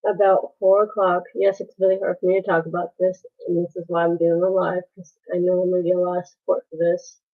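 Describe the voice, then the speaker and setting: A woman telling a painful story on a live stream, halting and pausing as she goes. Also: fairly low pitch, flat delivery. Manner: halting, with many pauses and restarts. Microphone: phone. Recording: tinny phone-like sound.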